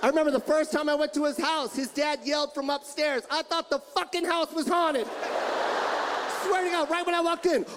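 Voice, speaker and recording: A man performing a stand-up comedy routine on a club stage, with a loud, punchy, exaggerated delivery. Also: extremely high pitch, fairly even intonation, a little fast. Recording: stand-up clip, loud crowd and noise.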